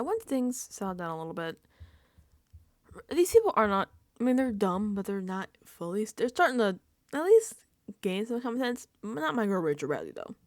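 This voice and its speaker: Recorded with studio quality and no echo, a woman's medium-pitched, slightly mellow voice delivers casual reality TV recap and reaction commentary. She laughs frequently and drops into whispered asides.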